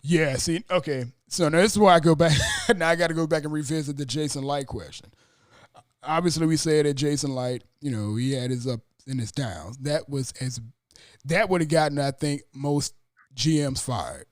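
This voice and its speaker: A man hosting a casual sports podcast, talking fast and acting out his own stunned reactions. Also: on the high side, dry recording, studio quality. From Atlanta area. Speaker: podcast host.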